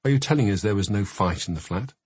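A man's voice: on the low side, animated, fast talker, breathy edge, no room sound. A man voicing a male lawyer in an audiobook, pressing with pointed questions. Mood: probing. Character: sharp male defence lawyer, probing.

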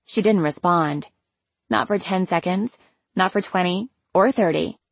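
Low-voiced woman narrating a novel. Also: measured pace, creaky, dry recording. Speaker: audiobook narrator. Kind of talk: first-person novel narration.

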